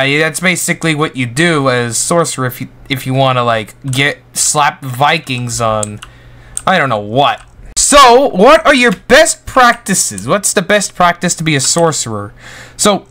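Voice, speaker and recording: A man's voice: a little high, moderate pace. A young man casually walking viewers through a video game, rambling and goofy. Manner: goofy, rambling, excitable outbursts. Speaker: gaming YouTuber. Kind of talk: Roblox gameplay tutorial commentary.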